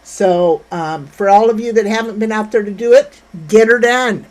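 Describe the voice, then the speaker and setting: A woman's voice: mid-range voice, steady tone, moderate pace, hardly any pauses, rough recording. Brash older woman hosting a livestream. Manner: blunt, brash and chatty, reading viewer comments. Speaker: livestream host. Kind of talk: casual livestream chat.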